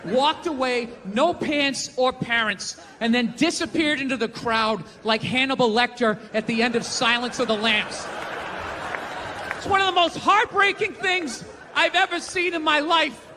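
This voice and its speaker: A man's voice: very high-pitched, a little slow, in a large hall, slight background noise. Ranting man doing stand-up comedy. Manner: ranting, profane, shouting punchlines.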